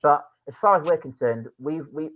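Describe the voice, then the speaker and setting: A man's voice: on the high side, moderate pace. A man co-hosting a casual podcast, talking earnestly about casting and restarting his sentences often. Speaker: podcast co-host and drama producer. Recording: phone-like narrow sound.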